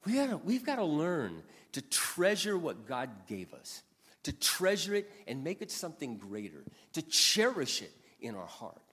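Pastor, man, 60s, earnest emphatic sermon, animated pitch, long hall reverb. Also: moderate pace, husky. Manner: earnest, emphatic, repeats lines for stress.

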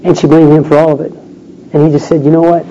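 A middle-aged man tells a family story from the pulpit, voicing the people he quotes as he goes. His voice sits a little high and mellow. The recording is dull and lo-fi, with faint noise behind it. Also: little pitch movement, fast talker. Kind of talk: sermon storytelling.

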